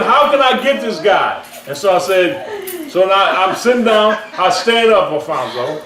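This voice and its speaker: High-voiced preacher in an echoey church. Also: male voice. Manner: animated, laughing as he tells a story. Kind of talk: sermon with storytelling. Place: church hall with congregation. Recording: echoey live church stream from far off. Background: congregation responding.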